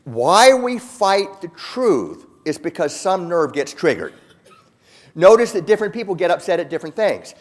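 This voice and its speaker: A man giving a motivational keynote talk to a large audience, earnest and emphatic, repeating words and slowing down for key points. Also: high-pitched, sing-song. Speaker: keynote speaker. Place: large conference hall.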